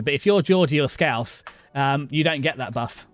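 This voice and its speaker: A man's voice: medium pitch, dry recording, soft background music. A middle-aged man chatting casually with his viewers while playing a game. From southern England. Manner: chatty, talks to chat by name, halting restarts. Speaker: streamer. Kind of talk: casual live-stream chat over gameplay.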